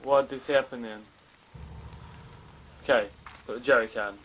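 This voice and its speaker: A man's voice: mid-range voice, fairly even intonation, a little slow, a bit bright, slight background noise. Jumpy swearing young man playing horror. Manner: jumpy, swearing, talks to himself and the game. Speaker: gaming channel host. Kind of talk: horror game let's play commentary.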